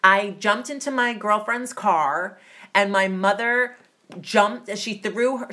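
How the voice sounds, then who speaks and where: A woman's voice: on the low side, sharp tone. A woman from Massachusetts telling stories about her youth in a chatty way, with many fillers and restarts. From Massachusetts, USA. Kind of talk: casual personal storytelling.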